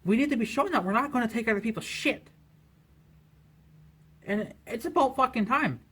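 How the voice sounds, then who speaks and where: A man's voice: extremely high pitch, expressive, fairly quick, a bit bright, husky. A man vlogging an angry political rant to camera, swearing constantly, talking in a heated way and leaning on "you know" as filler.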